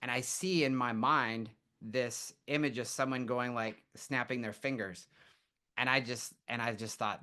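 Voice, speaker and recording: A man guest on a podcast, telling stories in a casual, animated way and acting out what people said. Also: medium pitch, unhurried, smooth. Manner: animated storyteller, acts out quotes. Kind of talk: casual storytelling interview.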